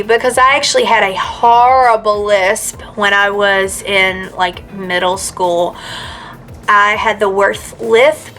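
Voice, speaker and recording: A woman's voice: medium pitch, fairly even intonation, unhurried, pushed and bright, faint music behind. A woman in her mid-thirties telling her own story in a chatty, earnest way, with many fillers and restarts. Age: 30s. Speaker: vlogger. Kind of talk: casual personal storytelling.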